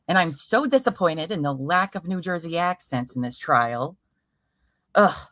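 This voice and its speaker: Chatty woman host, lowish voice. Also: expressive, normal speed, a bit bright, no echo. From Ohio, USA. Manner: chatty, reads viewer comments aloud. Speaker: true crime livestream host. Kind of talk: casual chat.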